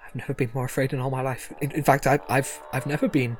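A man's voice: medium pitch, flat delivery, fast, faint music behind, natural voice. A man voicing a nervous, pompous male son of an archangel who stammers and boasts. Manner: stammering, boastful then timid.

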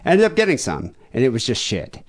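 Laid-back lively-voiced man host. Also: medium pitch, fast. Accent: American. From South Africa. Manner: laid-back, swearing, laughs often. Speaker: podcast host. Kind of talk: casual chat.

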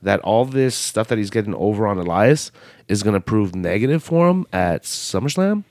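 An easygoing man co-hosting a casual chat, agreeable and quick with short asides. His voice is lowish and recorded close and dry. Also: lively intonation, darkish tone, no room sound. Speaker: podcast co-host.

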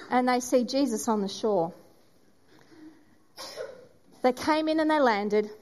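A woman giving a sermon, telling a story and acting out its voices with dramatic pauses. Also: on the high side. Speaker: preacher.

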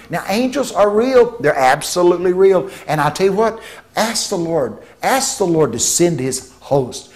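A man preaching a sermon, telling stories with vocal sound effects and swinging between hushed tones and shouts. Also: high voice, lively intonation, normal speed. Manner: shifts from hushed to shouting for emphasis.

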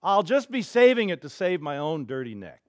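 A man's voice: fairly high pitch, big pitch swings, moderate pace, darkish tone, dry recording, studio quality. A man doing a panicked atheist hiker. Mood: earnest. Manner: cries out in panic. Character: frightened male atheist hiker, proud.

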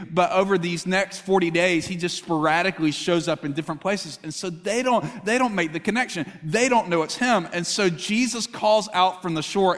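A pastor delivers a sermon in a chatty, conversational way, often turning to ask the congregation questions. His voice sits high for a man, and a long reverb from a large hall trails behind every phrase. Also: fairly bright tone. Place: church hall.

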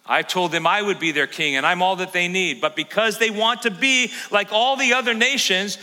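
A male pastor preaching a sermon in a church, animated and acting out the voices of scripture. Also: high-pitched, normal speed, few pauses, long reverb tail, low-quality recording. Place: church sanctuary.

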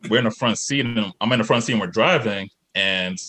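A man telling a long, animated story on a casual podcast, acting out other people's lines. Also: on the low side, brisk. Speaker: podcast guest.

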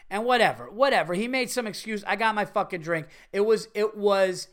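A middle-aged man hosting a podcast, telling a profane, animated story with bursts of exasperation. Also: sits high, brisk, few pauses. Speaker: podcast host. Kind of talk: casual comedic storytelling rant.

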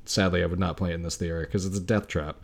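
A man's voice: low voice, fairly even intonation, quick pace, gravelly. A man co-hosting a casual podcast, reading history notes aloud with dry sarcastic asides. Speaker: podcast co-host. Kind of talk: casual conversational storytelling.

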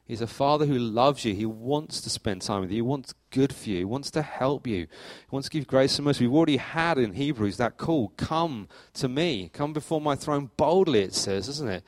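A middle-aged man preaching a sermon as church leader, telling stories in a lively way with sudden rises in pitch and loudness. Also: moderate pace, hardly any pauses, dry recording. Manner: animated storytelling, acts out anecdotes with jumps in pitch and volume. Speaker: pastor.

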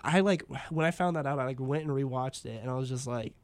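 A man talking casually as a host, rambling along with plenty of "like" and "um" and laughing easily. His voice is smooth and resonant, pitched in an ordinary middle range. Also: quick pace. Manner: rambling, many fillers, laughs often. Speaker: podcast host. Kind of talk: casual chat.

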